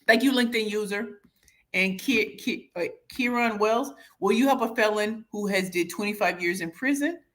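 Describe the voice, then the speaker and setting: A woman's voice: mid-range voice, moderate pace. A woman hosting a casual livestream, reading out viewer comments in a playful way and sometimes breaking into sing-song. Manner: lively, playful, bursts into sing-song and shouts. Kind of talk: casual live chat.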